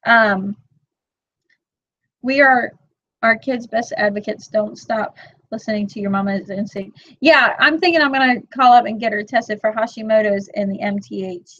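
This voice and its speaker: A woman in her thirties chatting casually to her live-stream viewers, animated and quick to act out her own side of a story. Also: a little high, no echo, muffled recording. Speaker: vlog host reading live chat.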